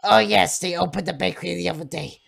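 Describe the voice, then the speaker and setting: Woman voicing a frail, muddled old mother, fretful and quavering, raspy gravel in the voice. Game dialogue read aloud. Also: fairly low pitch, fast talker, fairly bright tone, heavily acted. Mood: doting.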